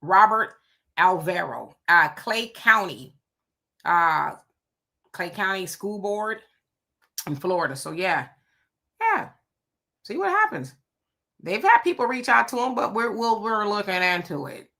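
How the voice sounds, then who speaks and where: Sex: woman. Role: livestream host. Style: casual chat, reading viewer comments. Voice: bright, forward. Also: mid-range voice, very animated, measured pace, long pauses. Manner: chatty, conversational, greets viewers by name.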